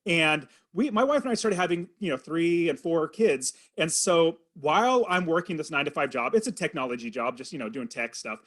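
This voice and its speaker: A man in his forties, a real estate investor, telling a personal story in an earnest, animated way as a podcast guest. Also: on the high side, fairly quick, hardly any pauses. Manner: earnest, animated storytelling with quoted inner thoughts. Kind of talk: storytelling in an interview.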